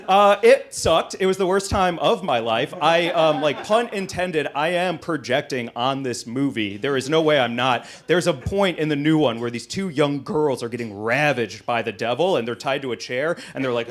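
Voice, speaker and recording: A man doing a stand-up set, telling a story in an animated way that gets louder and higher at the punchlines. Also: moderate pace, a crowd in the background. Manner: animated storytelling, rising loud and high at punchlines. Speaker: stand-up comedian. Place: comedy club stage with live audience.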